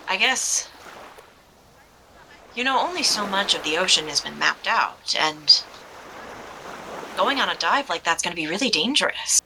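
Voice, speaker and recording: A woman's voice: lowish voice, bright, forceful tone, a little hiss or hum, exaggerated voice, low-quality recording. A woman voicing a nervous young man in his late teens who stammers and hesitates.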